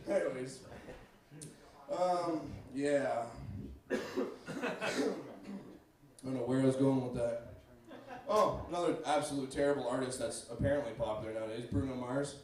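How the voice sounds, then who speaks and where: A man's voice: medium pitch, measured pace, pauses often, darkish tone. A young man performing a stand-up comedy set in a club, brash and profane, talking straight to the crowd. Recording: echoey club, mic far off.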